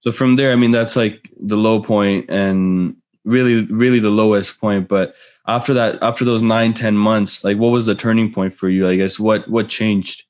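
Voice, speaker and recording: A man interviewing a guest, asking halting, casual questions between short listening sounds. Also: lowish voice, steady tone, darkish tone.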